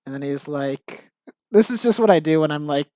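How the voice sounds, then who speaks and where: A woman's voice: deep voice, animated, normal speed, a little mellow, dry recording. A dead-tired woman chatting casually late at night, giggly and self-mocking. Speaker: vlogger.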